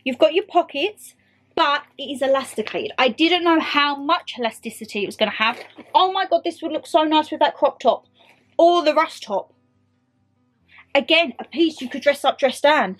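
A young British woman chatting excitedly to viewers and to her clothes in a casual haul video. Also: high voice, moderate pace. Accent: British English. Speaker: vlogger. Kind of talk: casual try-on haul chat.

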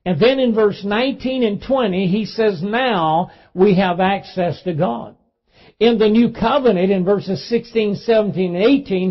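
Southern male pastor, high-pitched, sermon delivery with scripture reading, muffled lo-fi church tape. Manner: preaching, reading scripture aloud with emphasis.

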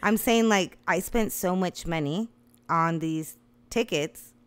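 With a lowish, clear, resonant voice and an unhurried pace, a woman in her thirties appears as a guest telling a lengthy comic story. Profanity comes easily to her, and she laughs animatedly throughout.

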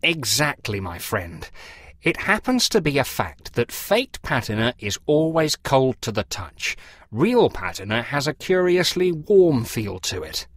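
A man's voice: medium pitch, very animated, measured pace, a bit bright, dry recording, studio quality, pitched above the performer's own voice. A man voicing a fussy, pompous middle-aged clergyman who lectures in a precise, theatrical way. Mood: lecturing.

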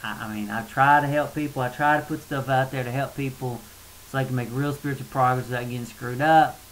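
A man's voice: mid-range voice, fairly even intonation, a little fast, a bit bright, poor audio. A man ranting in a blunt, colloquial way in a casual video monologue, getting worked up and then apologizing. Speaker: spiritual vlogger. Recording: faint hiss.

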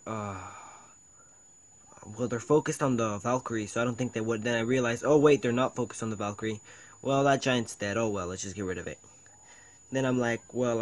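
A man's voice: mid-range voice, poor audio. A man hosting his own video, talking casually through a game replay in a chatty play-by-play with frequent ums and quoted thoughts of his own. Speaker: video host. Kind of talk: casual gameplay commentary over a replay.

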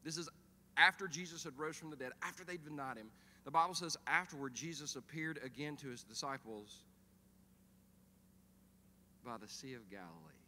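A middle-aged man preaching a sermon as pastor, telling stories in an animated, humorous way. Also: medium pitch, normal speed, long pauses, slight background noise. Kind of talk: sermon with storytelling. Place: church auditorium. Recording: reverberant church hall.

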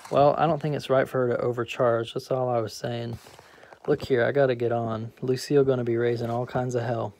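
A man's voice: mid-range voice, fairly quick, lightly acted. A man reading as easygoing old friend Bono. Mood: reminiscing. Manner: relaxed, reminiscing. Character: easygoing middle-aged male friend, Bono.

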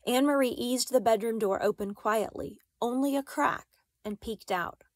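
A woman reading a children's novel aloud in a measured, expressive way. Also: fairly high pitch, dry recording. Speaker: audiobook reader.

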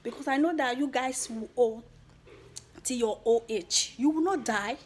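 A woman's voice: on the high side, measured pace, slight background noise. A woman with a Nigerian accent giving her viewers an earnest motivational talk, slipping into Pidgin phrases. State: emotional, near tears at the end. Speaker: YouTuber.

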